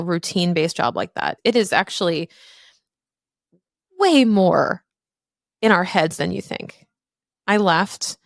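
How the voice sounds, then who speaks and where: A woman's voice: on the low side, dry recording, clean studio sound. A woman in her thirties hosting a podcast, telling a personal story candidly and emphatically, with casual swearing. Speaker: podcast host.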